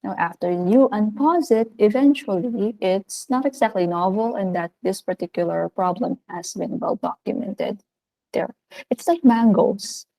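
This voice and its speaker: The audio is poor on this clip of a Filipino-accented woman, a working-age adult, teaching a video lesson that was recorded. Her manner is bright and energetic, and her pitch leaps up suddenly.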